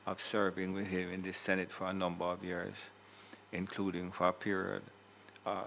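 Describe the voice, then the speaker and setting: A man presiding over a legislative chamber, speaking in a very low, gravelly voice. His delivery stays flat and even as he gives a formal tribute. He is measured and correct, catching and fixing his own small slips. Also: a little hiss or hum, poor audio. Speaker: Senate president.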